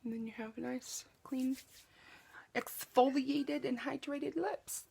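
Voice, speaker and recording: A woman's voice: high-pitched, fairly even intonation, slow pace, creaky, warm tone, breathy edge. A woman chatting through a makeup tutorial, joking at her own expense and slipping into whispers as she applies products. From Southeast Oklahoma, US. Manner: chatty and self-joking, drops to a whisper while applying products. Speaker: beauty vlogger. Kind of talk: casual makeup tutorial chat. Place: home makeup table with window open.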